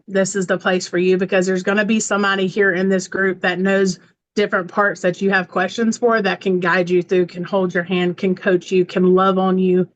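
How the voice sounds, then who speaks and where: A woman's voice: medium pitch, rough recording. A woman in her forties giving a heartfelt personal testimonial to her community, earnest and encouraging. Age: 40s. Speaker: community member sharing testimonial.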